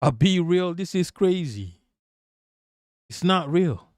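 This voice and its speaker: A man's voice: fairly high pitch, expressive, slow, darkish tone, no room sound, studio quality. A man giving a heated, profane live-stream rant, often repeating words as he pushes on.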